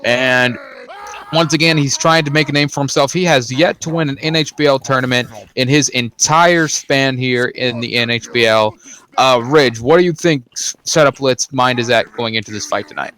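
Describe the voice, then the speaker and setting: A man's voice: mid-range voice, moderate pace, a bit bright. A man casually commentating on a game match, with joking, rambling asides. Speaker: esports commentator.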